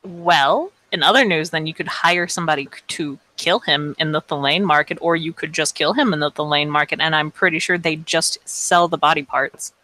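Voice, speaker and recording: A woman chatting casually and playfully while playing a tabletop role-playing game, rambling and excitable. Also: sits low, moderate pace, hardly any pauses, no echo, poor audio. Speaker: player in a tabletop role-play. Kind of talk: casual in-character role-play chat.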